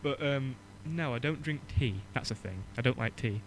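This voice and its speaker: A man with a mid-pitched voice chats casually on a podcast. He laughs often and tosses out quick joking asides. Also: slight background noise, rough recording. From England. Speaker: podcast co-host. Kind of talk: casual chat.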